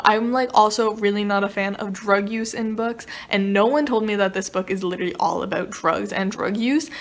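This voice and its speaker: A young adult woman in college giving a casual, exasperated book review, emphatic and swearing, laughing between complaints. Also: mid-range voice.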